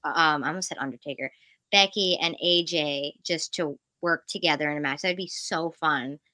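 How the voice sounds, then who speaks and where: A woman co-hosting a casual fan chat show from home, excitable and rambling as she jumps between thoughts. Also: low-pitched, moderate pace, no room sound. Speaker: podcast co-host.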